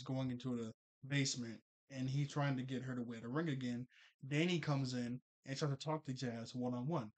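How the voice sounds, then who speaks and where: A young man casually recapping a cartoon episode, chatty and quick to laugh, full of fillers and restarts. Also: medium pitch.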